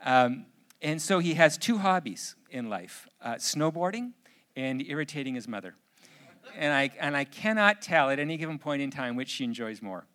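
A middle-aged male pastor delivers a sermon in a fairly high voice. He keeps it light, telling family stories and briefly putting on the voices of the people in them. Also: very animated, moderate pace, fairly bright tone. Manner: humorous storytelling, acts out family voices.

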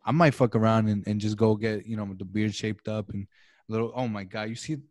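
A young man co-hosting a podcast rants dramatically and with mock fervor during a casual video-call chat, cursing a lot. He talks fairly quickly in a lowish, darkish voice with fairly even intonation, and there's no echo.

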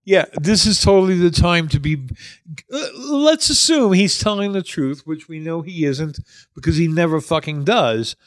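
A man with a high, lively voice trades sarcastic, profane remarks in a casual podcast chat. The sound is dry and close, with no room echo. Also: normal speed.

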